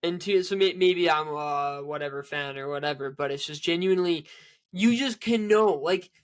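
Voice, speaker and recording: A man's voice: a little high, moderate pace, smooth. A man co-hosting a casual sports podcast, rambling with many restarts and fillers. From Canada. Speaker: podcast co-host.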